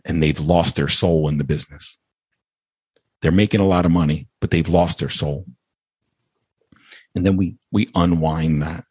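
A man's voice: deep voice, darkish tone, slightly rough, no echo. A man hosting a podcast, talking earnestly and emotionally, repeating phrases as he thanks his listeners. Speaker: podcast host. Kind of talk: heartfelt podcast monologue.

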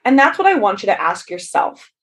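A woman's voice: medium pitch, big pitch swings, a little fast, creaky, a bit bright. A woman hosting her own business-coaching podcast, talking candidly and casually, tagging lines with "right?" and laughing easily at herself. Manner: candid and conversational, often adds "right?" and "like". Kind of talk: solo podcast monologue.

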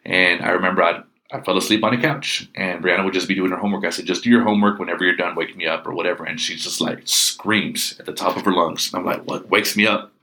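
Deep-voiced man telling a ghost story. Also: fast, few pauses. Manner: animated, acts out quoted speech. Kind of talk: casual storytelling.

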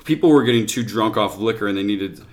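A man's voice: on the low side, fast, darkish tone. A man co-hosting a podcast, talking in a jokey, casual way and laughing often. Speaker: podcast co-host. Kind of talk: casual chat.

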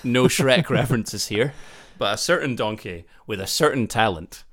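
A man's voice: mid-range voice, moderate pace, a bit bright. A man co-hosting a podcast in casual chat, self-deprecating and laughing often. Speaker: podcast co-host and songwriter.

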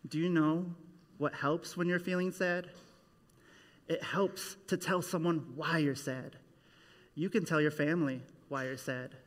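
A man tells a Bible story to a group of children, lively and playful as he leads them in actions and faces. His voice sits high and sounds bright and forceful. It rings out with a long echo, as if in a church hall. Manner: animated, leads kids in call-and-response. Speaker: children's minister. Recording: echoey hall.

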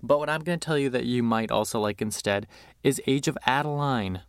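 A man's voice: medium pitch, fairly quick, clean tone, no echo, clean studio sound. A man hosting a podcast, chatting casually and animatedly about movies, with lots of fillers, and acting out quotes. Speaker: podcast host.

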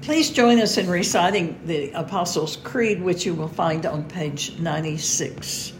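Woman, prayer leader, slow measured reading, echoey room with audible noise. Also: on the low side, expressive. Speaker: worship leader. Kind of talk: liturgical reading and responsive prayer.

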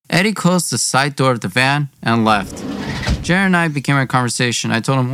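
A man's voice: medium pitch, animated, a little fast, fairly bright tone, smooth. A young man narrating his own story in a plain, conversational way.

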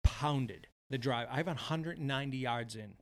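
A man co-hosting a podcast, telling a golf story in casual chat, animated and profane, acting out what people said. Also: mid-range voice, moderate pace. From Wisconsin. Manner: animated, profane, acts out quotes. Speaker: podcast co-host.

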